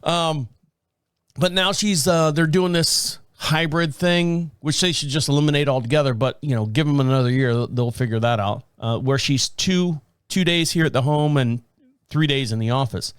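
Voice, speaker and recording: A man's voice: fairly high pitch, normal speed, clean tone, no echo, studio quality. A middle-aged man hosting a podcast, rambling casually and foul-mouthed, laughing often and acting out quotes. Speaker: podcast host.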